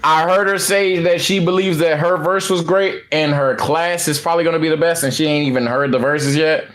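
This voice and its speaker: A man's voice: on the high side, steady tone, fairly quick, fairly bright tone. A man co-hosting a podcast in casual chat, blunt, profane and opinionated. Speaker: podcast co-host.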